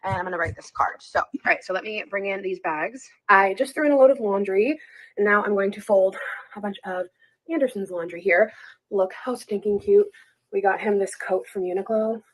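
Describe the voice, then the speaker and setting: Woman vlogger, casual and gushing, even middle pitch. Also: normal speed, low-quality recording. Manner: gushing, chatty. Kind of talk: casual home vlog.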